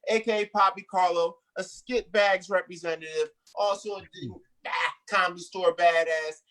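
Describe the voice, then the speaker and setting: A woman hosting a comedy show, using loud, hyped crowd-work and playful, rambling banter. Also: lowish voice, fairly even intonation, moderate pace. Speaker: host.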